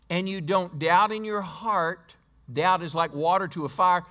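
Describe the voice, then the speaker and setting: A man preaching in a church sanctuary, his voice sitting a little high for a man. He tells the story in a conversational way, checks in with the congregation, and stumbles and repeats words as he builds his point. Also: steady tone, measured pace, a bit bright. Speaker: pastor. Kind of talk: sermon.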